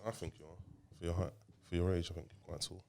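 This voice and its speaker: Very deep-voiced man hosting a casual podcast. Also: level tone, fast talker, creaky, mellow. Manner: teasing, rambling, repeats his questions. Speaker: podcast host and father.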